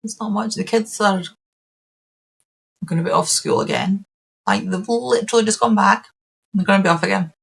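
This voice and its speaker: A woman's voice: mid-range voice, moderate pace, creaky, pauses often, slightly rough, rough recording. A Scottish woman hosting a podcast, chatting casually and rambling with lots of ums and restarts. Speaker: podcast host. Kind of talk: casual chat.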